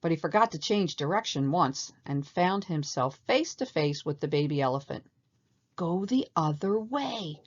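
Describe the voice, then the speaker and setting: A woman narrating a storybook aloud in an expressive, animated way, on a slightly muffled recording. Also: deep voice, moderate pace, few pauses.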